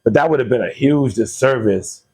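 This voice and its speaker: A man's voice: medium pitch, normal speed, dark tone, slightly rough. A man hosting a podcast, talking in a casual, earnest way and telling stories from his own life. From Connecticut. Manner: earnest, storytelling, laughs easily. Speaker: podcast host. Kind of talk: casual conversation.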